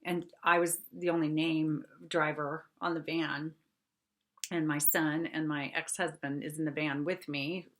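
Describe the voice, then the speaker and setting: A middle-aged woman hosting a podcast, telling a personal story in a lively, chatty way, laughing often and checking in with her listeners. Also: sits low, measured pace. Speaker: podcast host.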